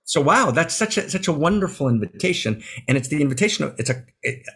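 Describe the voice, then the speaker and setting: A man's voice: on the high side, big pitch swings, fast, fairly bright tone, slightly rough. A man in a video-call conversation who talks with passion and some emotion, often tagging his points with "right?". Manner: emphatic, tags many phrases with "right?"; emotional, near tears at times. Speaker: author guest.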